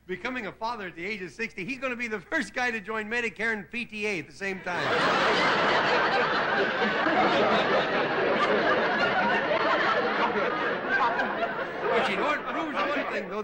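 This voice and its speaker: High, lively man chuckling through a comedy monologue. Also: a crowd in the background. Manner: chuckles at his own jokes, switches into quick character voices. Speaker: comedian host. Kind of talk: stand-up monologue on a TV variety show. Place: TV studio stage before a live audience. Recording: loud hiss on a 1960s TV broadcast.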